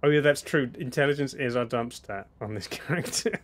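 A man's voice: mid-range voice, fairly quick, a little hiss or hum. A man streaming a video game, chatting casually and laughing often as he answers the characters. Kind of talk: casual live-stream commentary.

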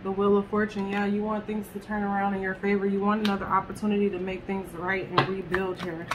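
A woman's voice: medium pitch, little pitch movement, brisk, noisy background. A woman reading tarot cards to camera in a chatty way, talking straight to her viewers and swearing casually. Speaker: tarot reader.

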